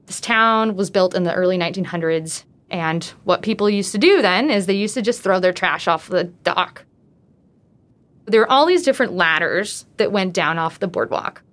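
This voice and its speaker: A woman's voice: on the low side, a bit bright. A woman casually telling her own true story, talking in a loose way with frequent "like" fillers.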